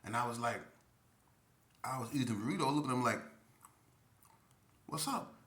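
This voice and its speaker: A man telling a casual comic story in slangy talk, animated and acting out the voices of the people in it. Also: mid-range voice, quick pace. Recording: echoey room.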